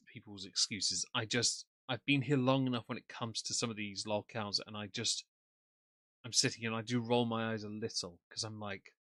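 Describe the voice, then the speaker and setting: A man's voice: fairly low pitch, pushed and bright, no room sound. A man commenting sarcastically on a livestream from off camera. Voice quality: dry, mocking. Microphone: desk mic, off camera.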